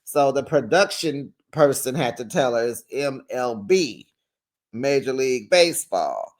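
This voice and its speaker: A man's voice: medium pitch, lively intonation, measured pace. A man hosting a casual reality TV recap, sassy and playful, laughing often and acting out quotes in exaggerated voices.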